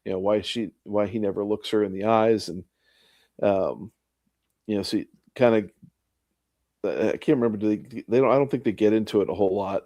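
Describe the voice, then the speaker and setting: Man, low dry voice, rambling casual recap. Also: fairly even intonation, normal speed, long pauses, warm tone, no room sound. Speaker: podcast co-host. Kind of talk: casual book discussion.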